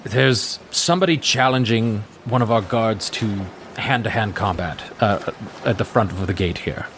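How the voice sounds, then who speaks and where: Guy with a lowish voice narrating as dm, laid-back, faint hiss behind. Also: moderate pace. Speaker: game master. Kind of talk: narrating a tabletop game.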